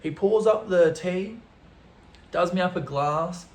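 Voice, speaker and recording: A young man, a travel vlogger, telling a story casually to camera in an animated way, throwing in sound effects. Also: high-pitched, takes it slowly. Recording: roomy echo.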